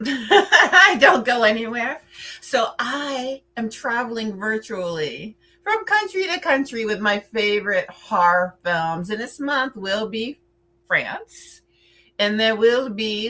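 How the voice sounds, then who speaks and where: A woman's voice: medium pitch, very animated, slow, sharp tone. A woman hosting a playful, chatty countdown of horror films, with theatrical asides. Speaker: horror film reviewer. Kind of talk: casual film countdown chat.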